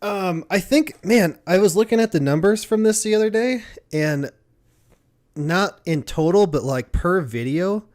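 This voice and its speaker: A man's voice: high-pitched, lively intonation, measured pace, darkish tone. A man co-hosting a casual podcast, talking in a laid-back, hesitant way and filling his sentences with "like.". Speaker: podcast co-host. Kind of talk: casual chat.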